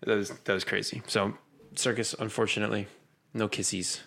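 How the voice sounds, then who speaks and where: A man's voice: fairly low pitch, level tone, a little fast, gravelly, fairly bright tone. A young man in his twenties, co-hosting a casual comedy podcast and telling rambling stories full of quoted asides. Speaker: podcast co-host.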